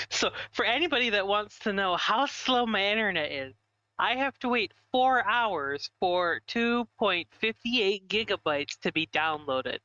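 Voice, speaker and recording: A man's voice: high-pitched, expressive, a little slow, sharp tone, no room sound, muffled recording. Chatty giggly man on a stream. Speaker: streamer co-host. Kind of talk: casual stream chat.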